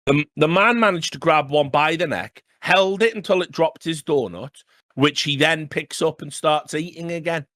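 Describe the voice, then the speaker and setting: A man with a slightly high, somewhat bright voice co-hosts a casual podcast at a moderate pace, reading news stories aloud and breaking in with chatty asides. The sound is clean studio audio with no room sound.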